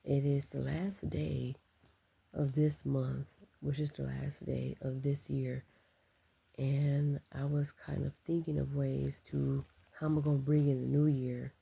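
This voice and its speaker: Soft-spoken, breathy woman vlogging late at night. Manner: speaking softly and low to keep quiet; reflective, with many ums and likes. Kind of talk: casual late-night vlog.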